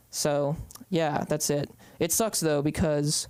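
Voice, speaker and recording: A young man rambles through an open-mic stand-up set, full of ums and restarts. His voice is smooth and clear, recorded close and dry, with no room sound. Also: fairly high pitch, fairly even intonation, takes it slowly, a little mellow, no room sound. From San Francisco Bay Area. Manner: rambling, hesitant, lots of ums. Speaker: stand-up comedian.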